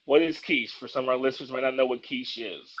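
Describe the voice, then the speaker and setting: Man co-host, short joking interjections, mid pitch, muffled lo-fi sound. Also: fast, fairly bright tone. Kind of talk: casual conversation. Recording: dull lo-fi sound.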